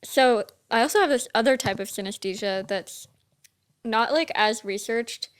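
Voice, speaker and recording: A woman's voice: fairly high pitch, moderate pace. A young woman co-hosting a podcast, talking in casual chat with lots of "like" fillers. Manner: chatty, full of "like" fillers. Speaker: podcast co-host.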